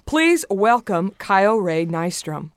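A woman's voice: mid-range voice, sing-song, slow pace, smooth, no room sound. A woman in her thirties with a Southern American accent, hosting a casual beauty podcast in a bubbly, playful, self-mocking way. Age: 30s. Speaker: podcast host.

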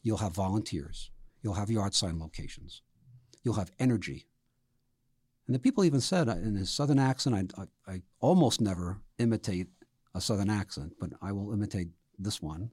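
Husky-voiced man telling campaign stories. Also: on the low side, normal speed, no room sound, clean studio sound. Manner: storytelling, animated anecdotes with voiced quotes. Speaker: interview guest, campaign trainer. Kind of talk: conversational interview.

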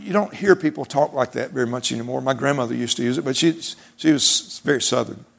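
A man's voice: medium pitch, fast, creaky. A man preaching a sermon in an emphatic, repetitive way, mixing in folksy humor.

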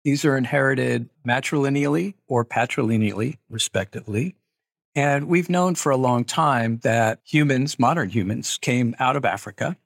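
A middle-aged man, an archaeologist, answering interview questions in a measured, explanatory way with hedging asides. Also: medium pitch, vocal fry, no room sound, clean studio sound. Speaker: archaeologist guest.

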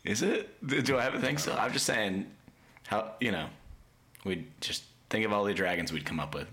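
A man co-hosts a casual podcast, goofy and laughing often as he pitches silly ideas. His voice sits very low yet has a bright, clear edge. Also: moderate pace. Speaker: podcast co-host.

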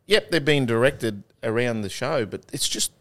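A man's voice: mid-range voice, expressive, normal speed. An Australian man in his fifties, a former player guesting on a podcast, telling laid-back stories and laughing often. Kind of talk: casual chat.

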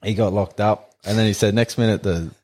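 A man's voice: fairly low pitch, steady tone, brisk, heavy background noise. A man with an Australian accent, a podcast guest and former athlete, telling stories in a laid-back, sweary way. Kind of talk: casual chat.

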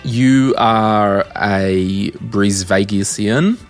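Jokey man hosting, low voice. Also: drawn-out words, soft background music. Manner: jokey, upbeat, teasing. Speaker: podcast host. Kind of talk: casual interview chat.

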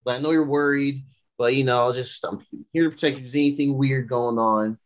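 A man's voice: mid-range voice, steady tone, brisk, close to an everyday voice. A man voicing a fussy, doting rich mother who scolds her daughter. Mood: scolding.

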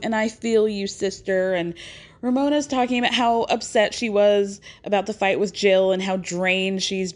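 A woman hosting a casual chat show, recapping events in a chatty, animated way and acting out the lines she quotes. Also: mid-range voice. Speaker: podcast host recapping a reality show.

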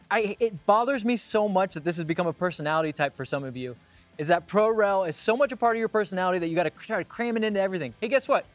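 A man co-hosting a casual studio sports podcast, ranting in an exasperated way. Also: sits high. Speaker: co-host.

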